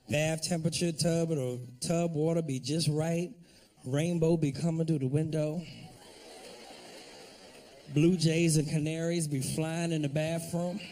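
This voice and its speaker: A man's voice: a little high, darkish tone, far from the mic. A man doing a profane, brash stand-up set, jumping in and out of acted-out voices. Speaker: stand-up comedian.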